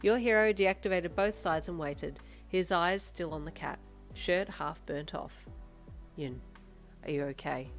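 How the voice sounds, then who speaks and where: A woman reading fanfiction aloud as an audiobook narrator, with a steady storytelling delivery. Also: fairly low pitch, a little slow, hardly any pauses. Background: faint background music.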